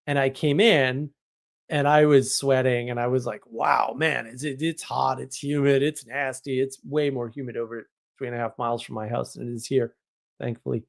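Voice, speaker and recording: A man's voice: medium pitch, fairly even intonation, normal speed, creaky. A man from New England hosting a live stream, chatting casually, rambling and joking with exaggeration as he answers viewers. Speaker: live stream host reading chat.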